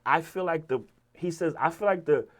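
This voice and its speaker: A man with a Virginia accent, a rapper telling stories as an interview guest in a casual, animated way, swearing and acting out the people he quotes. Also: a little high, normal speed. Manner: animated, profane, quotes people in lively voices. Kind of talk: casual storytelling.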